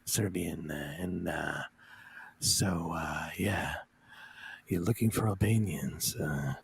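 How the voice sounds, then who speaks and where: A man putting on a hushed, mumbling tough-guy action star. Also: gravelly, a little hiss or hum, exaggerated voice. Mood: smug threatening. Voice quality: low hushed murmur, drawn-out uh's. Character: mumbling tough-guy martial arts movie star, male, boastful.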